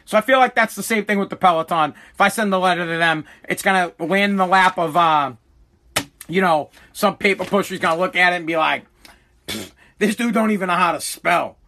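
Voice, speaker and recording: A middle-aged man rants through a comedic monologue in a fairly high register, swearing freely as he rambles through his stories. His voice is bright and sharp, and his delivery is blunt, loose and unfiltered. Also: fairly quick, slight background noise. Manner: profane, blunt, rambling storyteller.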